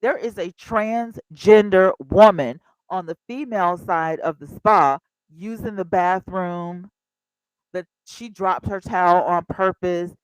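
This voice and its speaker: A woman in her fifties hosting a casual livestream, chatty and animated, talking straight to her viewers. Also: fairly low pitch, slow pace, smooth, no echo, low-quality recording. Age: 50s. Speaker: livestream host.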